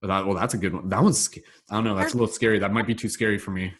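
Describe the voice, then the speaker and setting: Low-voiced rambling man hosting a call. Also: steady tone, very fast, breathy edge. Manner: upbeat, rambling, heavy on "like" fillers. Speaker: host, laughter meditation facilitator. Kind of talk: casual online group session. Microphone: video call.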